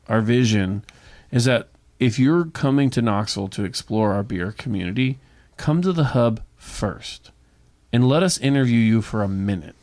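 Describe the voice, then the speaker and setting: A man's voice: medium pitch, darkish tone. A man who owns a brewery tour company, telling stories in a casual podcast chat with enthusiasm, often repeating words as he starts a thought. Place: Knoxville.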